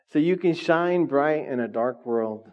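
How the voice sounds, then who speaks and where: A man preaching a conversational sermon, animated and chatty, often laughing and asking the congregation questions. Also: a little high, dull audio. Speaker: pastor.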